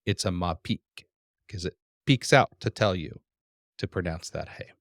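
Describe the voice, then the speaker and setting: A man with a deep voice teaches a classroom lesson at a slow, deliberate pace. He patiently repeats each vocabulary word. The recording is dry with little room sound. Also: no room sound. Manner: patient, repeats words slowly. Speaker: Hebrew teacher.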